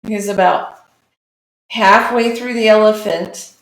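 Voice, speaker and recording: A woman talks slowly and easily while she draws, narrating each stroke for her live stream. Her voice has a gravelly edge, and the room gives it a noticeable echo. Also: mid-range voice, steady tone. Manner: chatty, talks through her work. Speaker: streamer and artist. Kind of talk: live-streamed drawing commentary.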